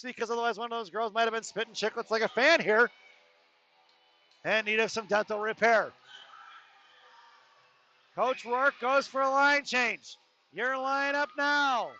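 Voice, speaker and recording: High bright-voiced male hockey announcer. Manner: rapid-fire play calling with joking asides. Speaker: play-by-play announcer. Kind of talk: live hockey commentary. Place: ice arena. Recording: dull lo-fi arena stream with faint noise.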